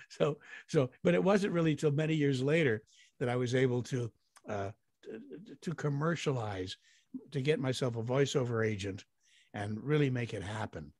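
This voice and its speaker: A man's voice: mid-range voice, normal speed, a little mellow, dry recording, clean studio sound. An older man, a guest actor, telling long rambling anecdotes in an interview with chuckles along the way. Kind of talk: storytelling in an interview.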